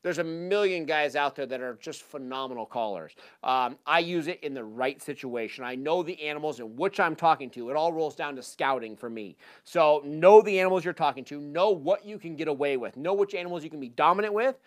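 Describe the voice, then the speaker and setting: A man presenting a live talk to an audience on a handheld mic, casual and energetic, with lots of fillers. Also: fairly high pitch, a little fast, few pauses. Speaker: hunting seminar presenter.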